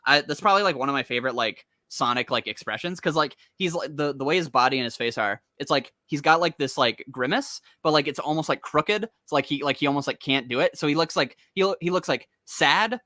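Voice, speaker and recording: Fast-talking bright-voiced young man. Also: fairly high pitch, no echo, studio quality. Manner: rambling, heavy use of "like", excited. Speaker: podcast co-host. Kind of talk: casual comic discussion.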